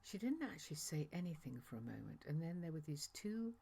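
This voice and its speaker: Chatty angel messenger, as a low-voiced woman puts it on. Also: very animated, fairly quick, creaky, dark tone, breathy edge, heavily acted. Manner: conversational storytelling, rambling asides and self-corrections. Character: chatty, awestruck angel messenger recounting a visit. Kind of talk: dramatic monologue reading.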